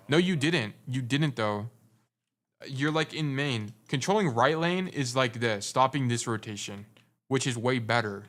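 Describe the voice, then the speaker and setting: A man's voice: mid-range voice, a bit bright, slight background noise. A young adult man giving casual gameplay review commentary as a coach, blunt and teasing, repeating his points for emphasis. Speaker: game coach.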